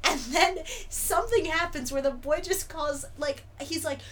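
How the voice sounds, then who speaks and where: A woman's voice: sits high, normal speed, heavy background noise. A woman guest chatting on a podcast, telling stories animatedly and laughing often while she is a bit sick. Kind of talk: casual chat.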